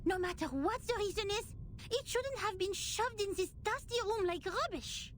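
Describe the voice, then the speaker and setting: A prim, precise young assistant. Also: female voice, extremely high pitch, expressive, normal speed, slight background noise. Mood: formal. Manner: formal, precise, slightly fussy.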